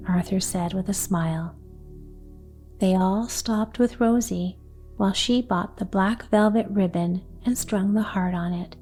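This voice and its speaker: A woman reading a children's story aloud for bedtime, soft and hushed, often close to a whisper. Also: mid-range voice, fairly even intonation, unhurried, slightly rough, soft background music.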